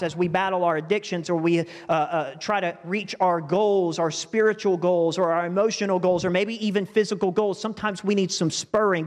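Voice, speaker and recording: A man's voice: high voice, in a large hall. A male pastor preaching a sermon in a conversational style, with asides to the congregation.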